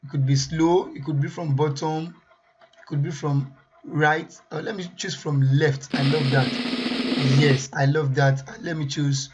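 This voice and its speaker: A man presenting a software tutorial, thinking aloud as he weighs each option and often repeats himself. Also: on the high side, steady tone, unhurried, background noise. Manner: muses aloud over choices, repeats himself.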